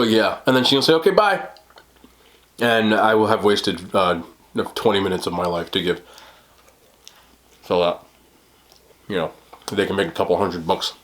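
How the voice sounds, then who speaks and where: A man's voice: lowish voice, a bit bright. A tired man from New York rambling casually to his camera at home late at night, chatty and self-deprecating, laughing often. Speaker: mukbang vlogger.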